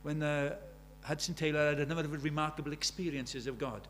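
A man's voice: a little high, steady tone, brisk, a bit bright, a little hiss or hum. A man in his seventies preaching a sermon, pressing his congregation with earnest rhetorical questions. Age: 70s. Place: church.

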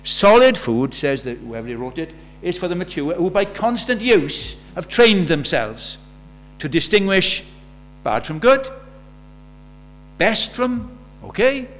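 A man's voice: high voice, sing-song, slow, a bit bright. A man preaching a sermon in a conversational way, asking the congregation rhetorical questions. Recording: faint mains hum.

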